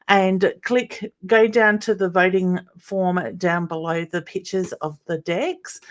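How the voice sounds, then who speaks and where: Slow-talking Australian woman, low voice. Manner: greets viewers by name and calls them honey; rambling, with many ums and uhs. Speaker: psychic medium hosting a weekly live stream. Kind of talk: live-stream chat, reading viewer comments aloud.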